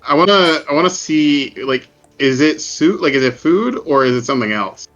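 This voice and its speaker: A man's voice: on the high side, lively intonation, moderate pace, fairly bright tone, highs cut off. Jokey, hesitant male player. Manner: jokey, hesitant, with frequent laughing. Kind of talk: casual tabletop game chat.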